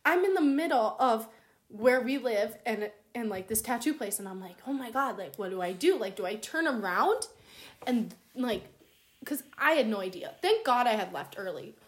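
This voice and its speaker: A woman's voice: a little high, normal speed. A young woman telling an embarrassing story in casual chat, swearing freely and acting out her own quotes. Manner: swears a lot, animated storytelling with acted-out quotes.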